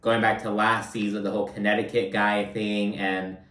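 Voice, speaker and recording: A man's voice: lowish voice, level tone, moderate pace, a bit bright, far from the mic. A man chats through a reality TV recap in a loose, profane, filler-heavy way. He sits a little back from the mic, and the room rings around his voice. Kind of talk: casual recap commentary. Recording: roomy, from off-mic.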